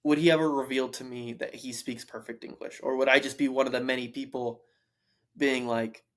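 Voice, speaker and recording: A young man talks through a novel on his podcast in a loose stream of consciousness. He circles back, restarts his sentences and leans on fillers as he goes. His voice sits at an ordinary pitch for a man. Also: steady tone, a little fast. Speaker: podcast co-host. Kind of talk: casual book discussion.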